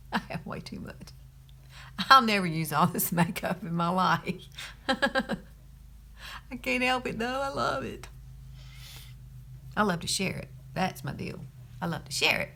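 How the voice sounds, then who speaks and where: A woman's voice: on the low side, fairly bright tone, a little hiss or hum. Chatty Southern woman in her fifties. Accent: Southern US, Alabama. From Alabama, US. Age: 50s. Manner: chatty, laughs often, says y'all. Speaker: makeup tutorial host. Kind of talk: casual makeup tutorial.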